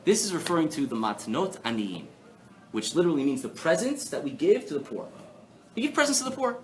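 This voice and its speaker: A man lectures to a live audience in a lively, swooping voice that sits a little high, tossing out rhetorical questions and playful asides. Faint room noise hangs behind him. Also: a little fast. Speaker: rabbi teaching a class. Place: synagogue hall before an audience.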